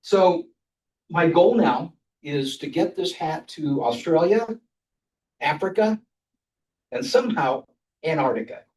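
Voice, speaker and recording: A man's voice: a little high, lively intonation, slow, long pauses, a little mellow, a little hiss or hum. An older man giving a humorous speech at a club, telling travel anecdotes and chuckling between them. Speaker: club speaker. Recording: roomy sound from a distant mic.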